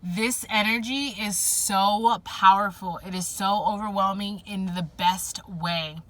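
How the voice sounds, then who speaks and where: A tarot reader gives a spiritual pick-a-pile reading in a medium-pitched, slightly bright voice with fairly even intonation. She speaks slowly, rambling and emotional as she thinks aloud with many fillers.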